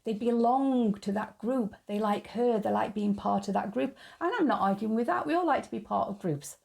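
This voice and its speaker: Lady ranting casually about her niche, bit of fry in her voice, laughs a lot. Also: fairly high pitch, moderate pace, darkish tone. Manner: frank, chatty, laughs at her own jokes. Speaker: YouTube channel host. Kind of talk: casual opinion monologue.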